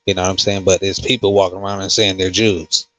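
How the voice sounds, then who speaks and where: A man who hosts a casual livestream and reads comments, talking slowly with many fillers and restarts. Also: sits low, flat delivery, a bit bright. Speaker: host.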